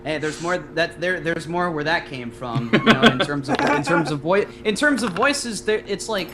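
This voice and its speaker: A man's voice: a little high, moderate pace, a loud crowd. A man who is a podcast guest and does voice impressions, chatting casually with laughs and frequent restarts. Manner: laughing, relaxed, restarts often. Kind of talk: casual chat.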